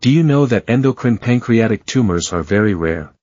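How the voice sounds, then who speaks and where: A man's voice: fairly low pitch, animated, fairly quick, a little mellow, no echo, lo-fi sound. A man reading a sarcastic senior resident doctor. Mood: scolding. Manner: scolding, sarcastic. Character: arrogant male third-year resident doctor.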